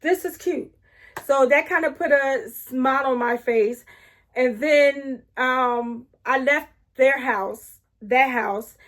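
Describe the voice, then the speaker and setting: A middle-aged woman telling a casual story-time vlog. She speaks animatedly, keeps turning to her viewers with asides, and restarts her sentences often as she gets excited. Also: high-pitched, takes it slowly. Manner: animated, talks straight to viewers with frequent asides.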